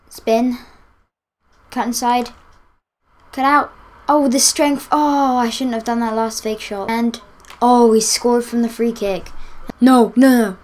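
A woman giving live commentary on a football video game, excitable, cheering and groaning as the play unfolds. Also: a little high. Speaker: gaming YouTuber.

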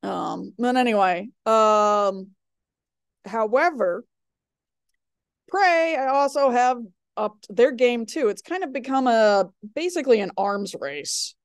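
A woman's voice: a little high, animated, slow pace, clean tone, no echo, studio quality. A woman teaching a recorded biology lecture, rambling with lots of fillers and chatty personal asides. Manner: rambling, digressive, many fillers; chatty, tells personal anecdotes. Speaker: biology instructor.

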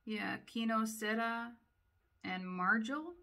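A woman's voice: fairly high pitch, takes it slowly, bright, forceful tone, a little hiss or hum. A woman casually talking through a book, reading captions aloud and adding her own chatty comments full of "like.". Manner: chatty, uses many "like" fillers. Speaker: book reviewer.

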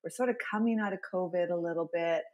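A woman's voice: fairly low pitch, fast, darkish tone, muffled recording. A woman hosting an interview, encouraging her guest and recapping the story back to her. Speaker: podcast host, interviewer. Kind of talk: conversational interview.

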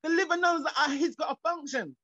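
Fervent high-voiced woman preaching over a video call. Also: brisk, a bit bright, no echo. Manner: fervent, repetitive, stumbling restarts, rising into exclamations. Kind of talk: sermon. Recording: dull lo-fi video call audio.

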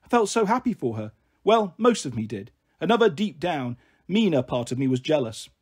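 Husky-voiced man reading a children's novel. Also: a little high, very animated, moderate pace. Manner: gentle first-person storytelling. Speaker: story reader. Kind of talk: audiobook narration of a children's novel.

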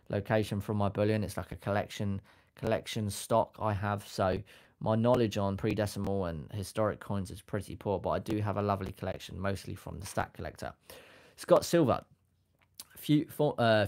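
A man with a slightly low voice hosts a relaxed live stream. He reads out viewers' comments in a goofy, chatty way and is quick to laugh at himself. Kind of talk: casual live-stream chat, reading out comments. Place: home setup with a sticker backdrop.

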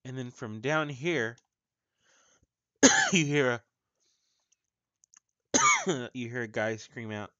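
A man narrating as game master of a tabletop game, halting and full of fillers. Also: medium pitch, animated, bright, forceful tone, no echo. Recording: muffled lo-fi audio.

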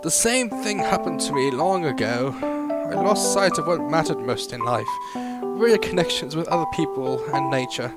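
A man's voice: fairly high pitch, lively intonation, normal speed, few pauses, voice pushed up, natural voice. A man reading as a kindly old grandfather. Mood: gentle. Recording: loud game music behind.

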